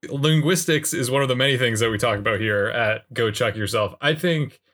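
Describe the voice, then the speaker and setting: Male podcast host, mid-pitched, musing hesitant casual chat. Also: brisk, fairly bright tone.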